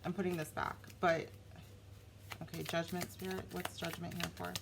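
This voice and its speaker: A woman giving a casual, animated tarot reading, talking straight to her viewers. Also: fairly low pitch, normal speed, gravelly, noisy background. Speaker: tarot reader.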